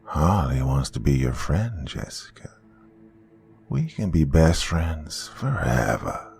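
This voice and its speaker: A man voicing a childlike shadow demon who speaks in a slow, mocking, hissing whisper, in a horror story. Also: rumbling low, big pitch swings, gravelly, darkish tone, heavily acted.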